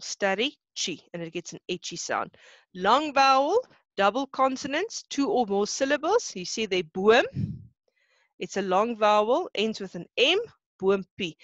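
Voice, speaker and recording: A woman's voice: mid-range voice, a bit bright, dry recording, highs cut off. A South African woman teaching an online class, who explains each rule step by step and keeps checking that students follow. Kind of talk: online lesson.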